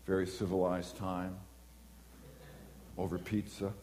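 A preacher delivers a sermon with an animated storytelling manner, acting out dialogue as he goes. His voice rings out in a hall with a long, lingering reverb. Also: sits low, unhurried. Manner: animated storytelling, acts out voices and horn beeps.

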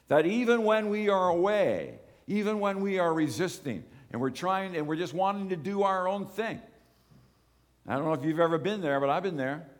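Earnest male pastor in an echoing hall. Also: on the high side. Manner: earnest, rises and falls with emphasis, repeats words. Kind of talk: sermon. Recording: long echo of a large hall.

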